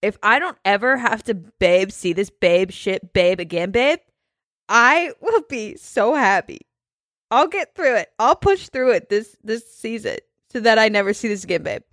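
A woman's voice: mid-range voice, animated, measured pace, fairly bright tone, no room sound, studio quality. A woman co-hosting a casual recap podcast, blunt and exasperated, swearing freely. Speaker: podcast co-host. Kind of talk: casual chat.

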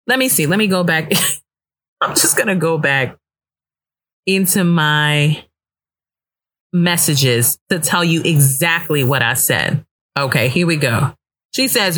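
A young woman from the US East Coast talks straight to her listeners in a loose, rambling podcast monologue. Her voice sits a little low, and she is blunt, opinionated and unbothered about swearing. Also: animated, unhurried, bright, forceful tone. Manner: chatty, opinionated, frank with profanity. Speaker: podcast host. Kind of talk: casual solo podcast commentary.

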